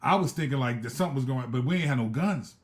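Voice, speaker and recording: A middle-aged man, a preacher and live-stream host, telling a testimony story in a casual, animated way with slang and asides. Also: medium pitch, very fast.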